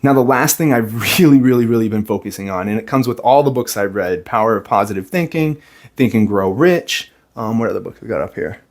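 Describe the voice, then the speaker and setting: Earnest young dad talking to camera. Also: male voice, on the low side, animated, brisk. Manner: earnest, reflective, plain-spoken. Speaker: vlogger, stay-at-home dad. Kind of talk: personal talk to camera.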